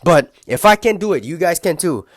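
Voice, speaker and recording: A man's voice: on the high side, very animated, normal speed, dry recording, clean studio sound. A young man giving a casual, heated motivational rant, rambling and full of swearing. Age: young adult. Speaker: motivational vlogger.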